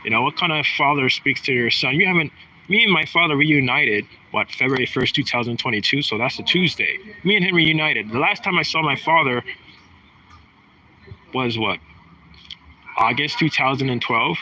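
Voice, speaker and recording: A man in his thirties talks on and on in a casual, aggrieved monologue, circling back and restarting his sentences. His voice is very bright and sharp, at an ordinary pitch, with a faint hiss in the background. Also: moderate pace, rough recording. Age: 30s. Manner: rambling, aggrieved, many restarts. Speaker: vlogger.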